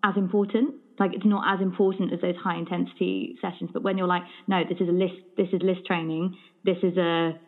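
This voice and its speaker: A woman podcast host with a slightly low voice talks in an attentive, reflective way. Her voice comes through a tinny, phone-like line. She draws out and builds on her guest's points. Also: flat delivery, fairly quick, hardly any pauses. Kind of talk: podcast interview.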